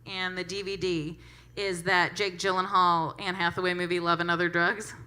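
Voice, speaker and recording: Brash, bright-voiced woman comic. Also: on the low side, moderate pace. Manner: brash, profane and animated. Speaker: stand-up comedian. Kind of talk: stand-up comedy set.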